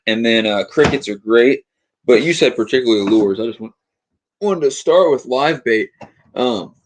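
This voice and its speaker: A man's voice: mid-range voice, no room sound. A young man hosting a casual fishing livestream from his home fishing room, rambling and reading chat comments aloud.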